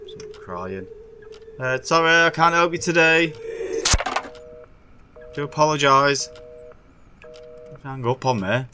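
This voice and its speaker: A man's voice: fairly high pitch, slow pace, pauses often, over music. A man commentating a horror game as he plays, jumpy and swearing, talking to himself with sudden yelps. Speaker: gaming streamer.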